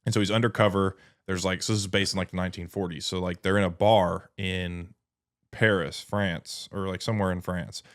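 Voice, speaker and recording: A young Texan man with a fairly low voice chats loosely, wandering through long anecdotes packed with filler words. He sounds relaxed and conversational, like a co-host settled into a podcast. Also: a little fast. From Texas. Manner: rambling storyteller, lots of filler words. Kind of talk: casual chat.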